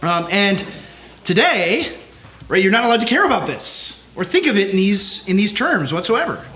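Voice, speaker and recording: A man's voice: sits high, big pitch swings, normal speed, pushed and bright. A man, a pastor giving a conference talk, speaking emphatically and checking in with the audience with "right?" after nearly every line. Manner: emphatic, keeps tagging lines with "right?".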